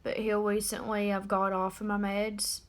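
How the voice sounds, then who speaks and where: An eighteen-year-old woman talking straight to camera in a personal confessional vlog, subdued and halting. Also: medium pitch, level tone. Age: about 18. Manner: subdued, halting and openly emotional. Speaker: vlogger.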